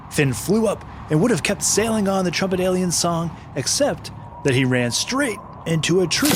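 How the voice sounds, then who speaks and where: A man's voice: fairly high pitch, noisy background. A man hosting and narrating a scripted children's adventure story, patient and friendly. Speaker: host and narrator.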